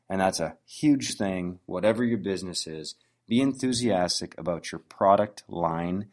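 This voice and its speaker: A man telling stories as he coaches on sales, speaking casually with frequent restarts. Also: low voice. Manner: conversational, anecdotal, with frequent restarts. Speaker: business owner coaching on sales. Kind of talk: motivational business talk.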